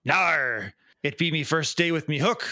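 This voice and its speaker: A man's voice: on the high side, a little slow, pushed and bright, dry recording. A man putting on a growly old pirate. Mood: growling. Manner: growly "yar" pirate talk. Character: gruff old male pirate with hook and peg leg.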